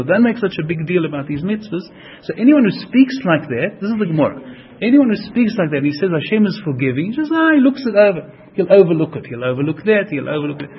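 Gravelly man giving a lively Torah lecture. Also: fairly high pitch. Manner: animated, repeats himself, mixes Hebrew and Yiddish terms. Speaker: Torah teacher. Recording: dull lo-fi recording with faint hiss.

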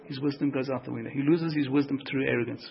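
A man teaching a Torah class, telling stories in an animated way, repeating phrases and acting out the quotes. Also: medium pitch, fast, creaky, slightly rough, lo-fi sound.

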